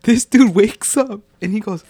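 A man's voice: high voice, moderate pace, warm tone, slightly rough, no room sound, studio quality. A young man co-hosting a podcast, telling rambling party stories with lots of swearing and laughter. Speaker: podcast co-host. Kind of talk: casual chat.

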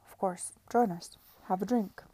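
A woman reading the part of a cool, weary gentleman in an audiobook, curt and icy. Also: mid-range voice, measured pace, slightly rough.

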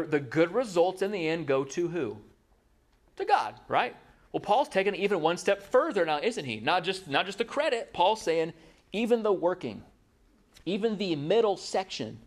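A male pastor preaching with a voice that sits a little high and swings widely up and down. He keeps asking the room rhetorical questions and slips in quick acted-out exchanges. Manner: animated preaching, rhetorical questions, acts out dialogue. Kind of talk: sermon.

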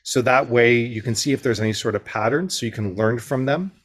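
A man co-hosting a parenting workshop, sums up the points, affirms what is said and drops to a hush for example lines. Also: medium pitch, brisk. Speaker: workshop co-host. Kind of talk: workshop talk.

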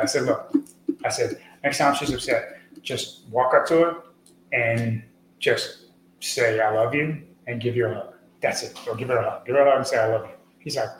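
A man talking as a podcast guest, earnest and rambling, with many fillers, getting lively when he tells stories. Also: medium pitch, moderate pace. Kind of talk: conversational interview. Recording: echoey room with faint noise.

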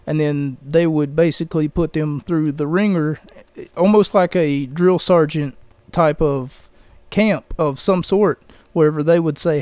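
Man, podcast host, slightly high voice, dry close mic, rambling casual chat. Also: a little slow, darkish tone, smooth, no echo. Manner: rambling, chatty, frequent fillers. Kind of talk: casual solo commentary. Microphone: close microphone.

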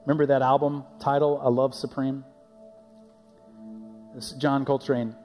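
A pastor delivers a sermon in a loose, conversational style, often repeating his words as he goes. His mid-range voice is flat, a little mellow, and moderately paced, with the long reverb of a church sanctuary and faint music behind him.

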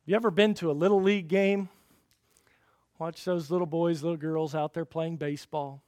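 A man preaching a sermon in a fairly high voice, recorded dry and close with little room sound. He swings from loud, emphatic peaks down to quiet, low passages, firing rhetorical questions at the congregation. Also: fairly even intonation, moderate pace, no room sound. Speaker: pastor.

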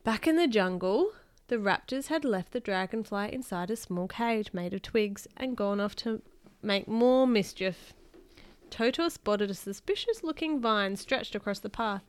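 A woman's voice: medium pitch, expressive, measured pace, clear, resonant tone, no room sound. A woman hosting a podcast who reads a children's book aloud and chats playfully with a child. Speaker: podcast host reading children's books. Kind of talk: reading a picture book aloud.

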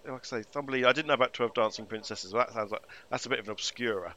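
A man's voice: mid-range voice, very fast, sharp tone. A middle-aged man from England chatting casually as a podcast co-host, often tagging his remarks with questions. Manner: chatty, asks tag questions. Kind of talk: casual chat.

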